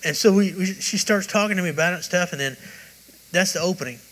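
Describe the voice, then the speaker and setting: Quick and a bit bright, this man's high-sitting voice comes through a rough recording. As a preacher at a church service, he gives a meandering, conversational sermon, mixing in personal testimony and restarting many times.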